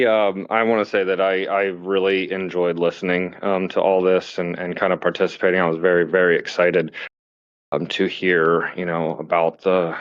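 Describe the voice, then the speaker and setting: A man in a casual chat speaking in a heartfelt, halting way, full of fillers. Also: low-pitched, clear, resonant tone, dry recording, highs cut off.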